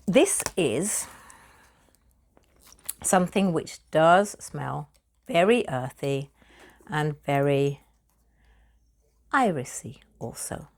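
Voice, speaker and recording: A British woman, a perfumer, talking casually about perfume materials. She is chatty, laughs often and repeats her words when she gets excited. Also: sits low, drawn-out words, long pauses.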